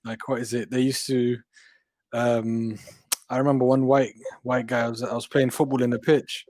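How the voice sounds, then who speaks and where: A man's voice: medium pitch, moderate pace, dry recording. A young man telling a story animatedly in casual chat. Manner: animated storytelling with many yeahs.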